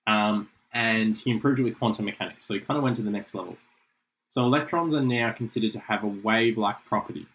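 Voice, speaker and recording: A man's voice: lowish voice, a little hiss or hum, poor audio. A young man giving a casual, chatty chemistry revision lecture, explaining with asides.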